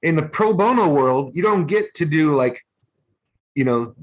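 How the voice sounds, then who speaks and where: A man's voice: a little high, lively intonation, a little slow, breathy edge. A man co-hosting a podcast in casual chat, blunt and profane, handing out advice. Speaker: podcast co-host.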